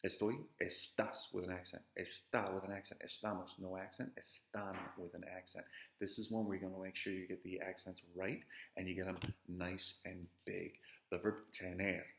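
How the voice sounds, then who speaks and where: Low gravelly man teaching a lesson. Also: flat delivery, moderate pace, a bit bright, reverberant, slight background noise. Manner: conversational, frequent "right?" check-ins. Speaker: Spanish teacher. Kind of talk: recorded grammar review lesson.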